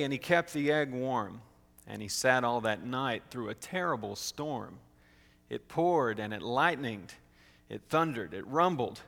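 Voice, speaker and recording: A man reading a rhyming storybook aloud in a rhythmic, expressive way. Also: medium pitch, measured pace, gravelly. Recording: long hall reverb.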